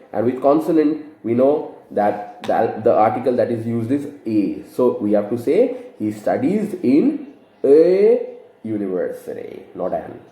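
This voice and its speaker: A man's voice: mid-range voice, mellow, roomy sound, poor audio. A man teaching grammar to camera, explaining patiently and asking rhetorical questions. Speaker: English teacher.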